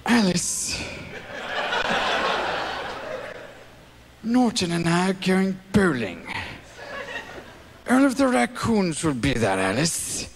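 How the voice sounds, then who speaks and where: A man on stage voicing a pompous, blustering husband as a stately actor's impression, with a slow, grand, drawn-out delivery. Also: high-pitched, very animated, gravelly, noisy background, exaggerated voice. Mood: commanding. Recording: roomy live stage hall.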